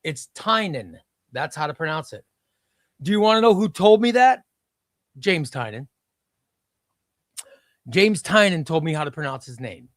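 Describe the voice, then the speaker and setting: A man with a slightly high voice talks into a close, dry mic on a live stream. He is enthusiastic and chatty and keeps repeating his words. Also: expressive, moderate pace, pauses often, no echo. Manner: enthusiastic, repeats himself, reads chat aloud. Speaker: comic book live stream host. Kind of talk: casual live stream chat.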